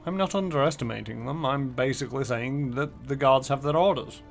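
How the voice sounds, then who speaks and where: A man's voice: mid-range voice, brisk, creaky, faint music behind. A man streaming a game, muttering casually through menus and numbers. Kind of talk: casual gameplay commentary.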